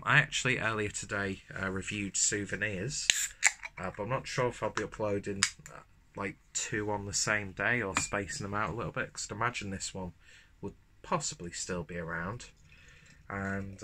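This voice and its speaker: Chatty man with a bright voice. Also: on the low side, normal speed, a little hiss or hum. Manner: chatty, rambling, swears casually. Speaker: beer reviewer. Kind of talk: casual beer review to camera. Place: at home, indoors. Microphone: camera mic.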